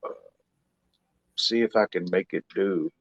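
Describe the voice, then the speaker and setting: A man's voice: low voice, measured pace, muffled recording. A man, a comedy hypnotist, telling jokes and stories in casual chat as a guest. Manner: wisecracking storyteller.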